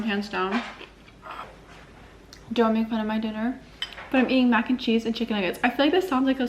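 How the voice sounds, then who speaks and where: A woman's voice: fairly high pitch, background noise. A young woman vlogging in a casual, chatty way, gushing and emotional as she talks to her viewers. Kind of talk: casual chat to camera.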